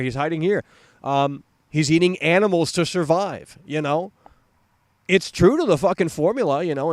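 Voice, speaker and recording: A fairly high-voiced young man hosts a live stream, speaking close to a dry mic. He rambles and swears constantly, full of fillers and repeated words. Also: dry recording. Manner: profane, animated, with many fillers and repeats. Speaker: host of a live horror film stream. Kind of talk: casual live-stream commentary.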